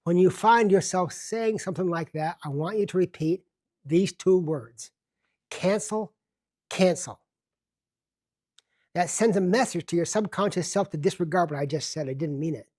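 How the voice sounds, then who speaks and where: A man hosting a self-help television show, teaching in a deliberate, emphatic way and slowing down to stress key words. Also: high voice, darkish tone. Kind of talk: self-help lecture to camera.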